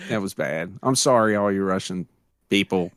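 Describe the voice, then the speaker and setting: A man's voice: low-pitched, moderate pace, fairly bright tone, no echo, studio quality. An American man co-hosting a podcast, chatting casually in a rambling, conversational way with plenty of fillers. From United States. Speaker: podcast co-host.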